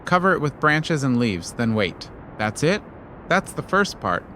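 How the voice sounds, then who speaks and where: A calm, shrewd planner of a wife, read by a male storyteller, talks things through in a matter-of-fact way. Her voice sits in a middle register with lively inflection. A storybook character. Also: medium pitch, unhurried, slight background noise.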